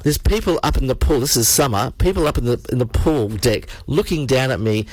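Animated radio host, dry studio sound. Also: male voice, medium pitch, a little fast, no room sound. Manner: animated rambling storyteller, frequent restarts. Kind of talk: casual studio banter.

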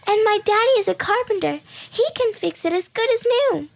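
Polite little girl, lady putting it on, sweet high apologetic storybook voice. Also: expressive, moderate pace, creaky, exaggerated voice.

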